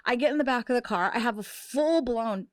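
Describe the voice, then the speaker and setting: Profane, animated middle-aged woman storyteller. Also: on the high side, a little fast, dry recording, studio quality. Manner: profane, animated, acts out quotes. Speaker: podcast host. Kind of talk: casual storytelling chat.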